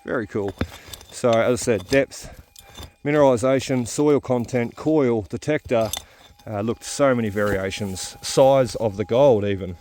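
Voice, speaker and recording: A man talks casually and directly to his viewers as he hosts his own metal detecting videos. His voice sits at an ordinary middle pitch, and he is recorded outdoors in the bush. Faint background noise runs underneath him. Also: measured pace, darkish tone. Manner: chatty, talks straight to viewers. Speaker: metal detecting channel host. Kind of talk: outdoor narration while detecting.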